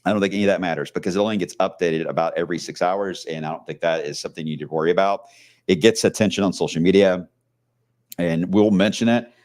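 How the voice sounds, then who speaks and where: Hoarse deep-voiced weatherman. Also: quick pace, darkish tone. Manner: casual, rambling, many fillers. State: hoarse, losing his voice. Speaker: TV meteorologist. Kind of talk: live weather blog talk.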